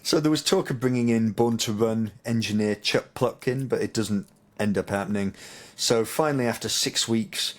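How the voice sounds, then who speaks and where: A male podcast host with a fairly low voice leads the conversation with pointed questions, laughing along with his guest. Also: moderate pace. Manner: laughs and asks leading questions. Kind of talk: interview questions.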